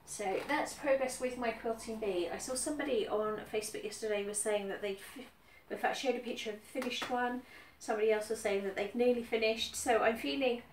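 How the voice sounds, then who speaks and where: A woman from the UK who makes cross-stitch videos chats casually about her stitching in a fairly high voice, talking fairly quickly with few pauses and plenty of ums and repeated phrases. She is somewhat far from the mic, with roomy echo and faint background noise.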